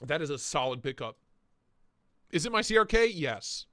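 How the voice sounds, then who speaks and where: Animated joking man hosting a livestream. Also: fairly high pitch, moderate pace, long pauses, no room sound, studio quality. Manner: crude joking banter, laughs often. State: voice going hoarse. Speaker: livestream host reviewing knife listings. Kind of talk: casual live-stream commentary.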